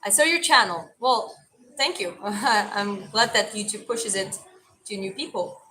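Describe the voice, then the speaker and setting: Bright-voiced woman chatting on a livestream. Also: medium pitch, measured pace, slight background noise, poor audio. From Georgia. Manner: chatty, rambling with many restarts. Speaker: livestream host reading chat. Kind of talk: casual livestream chat.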